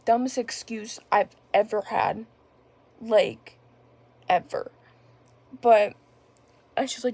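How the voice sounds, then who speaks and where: Young woman with vocal fry. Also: fairly high pitch, slow, pauses often, a little mellow. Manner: rambling, many filler words. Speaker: vlogger. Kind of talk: casual personal storytelling.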